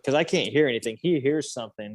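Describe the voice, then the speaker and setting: A man's voice: medium pitch, fast talker, dry recording. A man in his thirties telling a story as a podcast guest, loose and rambling, full of fillers. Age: 30s. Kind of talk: casual storytelling.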